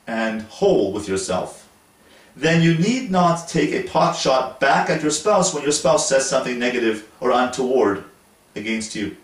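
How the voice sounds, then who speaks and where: A man from Montreal, Canada, hosting an instructional talk to camera in a slow, deliberate, explanatory way. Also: mid-range voice. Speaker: host. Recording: roomy echo, voice from a distance.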